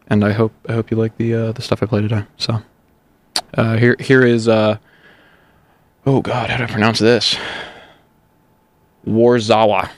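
Young man, college radio host, out of breath, halting with fillers, low monotone, dry close sound. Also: dry recording. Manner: halting, many fillers and restarts. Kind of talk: casual radio chat.

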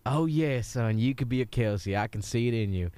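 A man's voice: mid-range voice, very fast, clean tone, natural voice. A man playing a brash football head coach in an improvised comedy sketch, giving a rambling pep talk with a slipping Southern drawl. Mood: blustering.

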